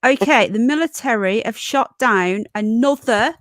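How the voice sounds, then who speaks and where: A woman's voice: on the high side, a little slow, no echo. Chatty British woman hosting a livestream. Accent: British English. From Britain. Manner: chatty, rambling, greets viewers mid-sentence. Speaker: livestream host. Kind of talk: casual livestream chat reading news.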